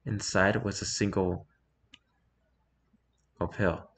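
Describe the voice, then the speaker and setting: A man narrating a story in a calm, measured reading. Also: lowish voice.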